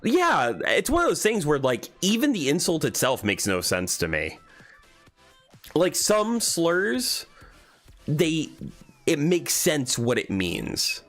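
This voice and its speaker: Young guy streaming, chatty and bouncy, laughs a lot, soft music in the back. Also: a little high, slow. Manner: animated, laughs a lot, reads chat aloud. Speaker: livestreamer reading chat. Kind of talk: casual livestream chat. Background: faint background music.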